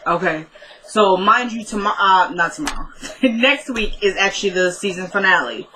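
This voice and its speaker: A woman's voice: medium pitch, normal speed, bright, forceful tone, a little hiss or hum, poor audio. A young woman recapping a TV episode in casual chat, talking straight to her viewers and laughing often. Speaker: TV recap vlogger.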